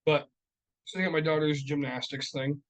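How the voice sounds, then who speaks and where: In a podcast studio, a man in his thirties co-hosts a casual chat, telling stories in a heated, profane rant. His voice is a little high and steady in tone at normal speed, though the recording is low quality.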